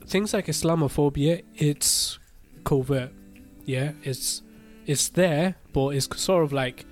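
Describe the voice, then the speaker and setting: A man's voice: on the high side, slow pace, faint music behind. A young man, chatting casually as a podcast co-host, peppering lines with tags and frequent laughter. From United Kingdom. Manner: slangy, laughs often, tags lines with innit. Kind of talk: casual chat.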